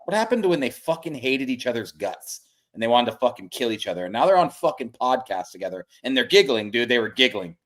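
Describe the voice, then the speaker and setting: A man co-hosting a casual sports podcast, talking quickly at a mid pitch. He gets worked up and swears as he tells a story. He sounds like he is speaking into a home mic on a video call. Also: very animated, fairly bright tone. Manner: fast, worked-up, profane storyteller. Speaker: podcast co-host.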